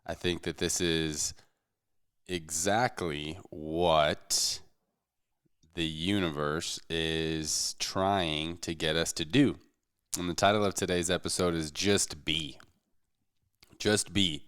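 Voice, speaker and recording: A man co-hosting a podcast, talking with restless high energy. His voice is low and deep, with a smooth, resonant tone. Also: fairly even intonation, slow, a bit bright. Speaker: podcast co-host. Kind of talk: casual chat.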